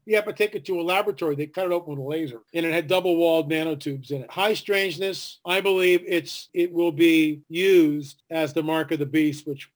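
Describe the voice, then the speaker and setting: A man telling a story in a casual, animated way, acting out the voices of people he quotes. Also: on the high side. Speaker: guest.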